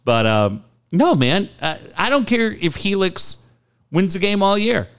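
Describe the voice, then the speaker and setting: Animated, blunt male radio host. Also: sits high, unhurried, clean tone. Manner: blunt, animated storytelling with swearing and laughs. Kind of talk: casual sports talk and live ad reads.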